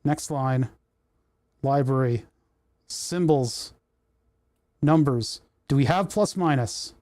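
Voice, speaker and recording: A man with a medium-pitched, darkish voice speaks slowly in a dry, studio-quality recording from a desk microphone. Livestreaming casually from his home workshop, he rambles and talks to himself as he fiddles with menus.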